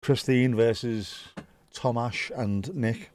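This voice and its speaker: A man's voice: medium pitch, fairly even intonation, takes it slowly, a little mellow. A man hosting a live match watchalong, chatting casually and rambling between dad jokes. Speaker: watchalong host.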